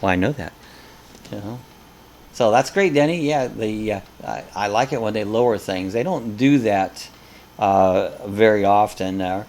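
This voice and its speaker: Gravelly guy rambling on a live chat, cracking dumb jokes, bit of hiss. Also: lowish voice, a little slow, darkish tone. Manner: rambling, jokey storyteller. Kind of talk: casual chat.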